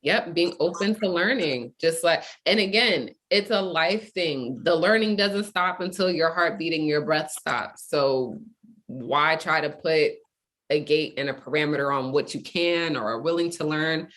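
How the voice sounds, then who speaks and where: A young adult woman, a guest in casual conversation, telling a story in animated, quick bursts. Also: low-pitched.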